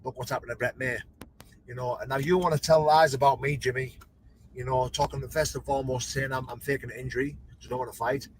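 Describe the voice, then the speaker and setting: A man's voice: medium pitch, steady tone, quick pace, low-quality recording. Male boxer, defensive callout, faint background noise. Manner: aggrieved, defensive, repeats "mate". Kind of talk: callout video.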